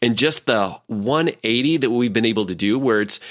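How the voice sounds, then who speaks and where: A man's voice: medium pitch, animated, moderate pace, a bit bright. A man in his forties hosting a podcast as a leadership coach, talking casually with many fillers and acted-out quotes. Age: 40s.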